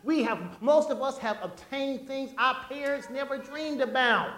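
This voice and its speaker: A pastor preaching a sermon in a church, animated and folksy, calling out to the congregation. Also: high-pitched, a little slow. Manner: animated, call-and-response preaching; folksy, conversational asides. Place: church sanctuary. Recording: echoey church room.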